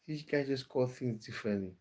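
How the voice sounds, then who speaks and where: A man's voice: mid-range voice, brisk, very noisy. A man hosting a casual livestream, chatting with viewers and reading out comments, often repeating words as he restarts. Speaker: livestream host reading chat. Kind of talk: casual live chat.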